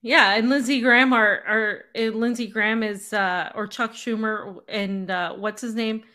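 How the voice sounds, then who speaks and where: A woman's voice: fairly high pitch, fairly even intonation, unhurried, sharp tone. A woman co-hosting a casual political talk show, chatty and a bit hesitant, often laughing. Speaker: co-host.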